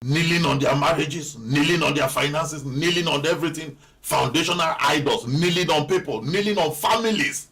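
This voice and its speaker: Male pastor, fairly high voice, fervent repetitive sermon delivery, rising to shouted prayer. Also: normal speed, few pauses. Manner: preaching with repetition, building to impassioned prayer.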